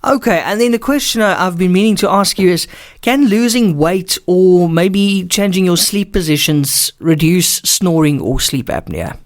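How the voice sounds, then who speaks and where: A man with a South African accent, hosting and asking questions quickly in an interview. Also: high-pitched, expressive. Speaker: radio podcast host.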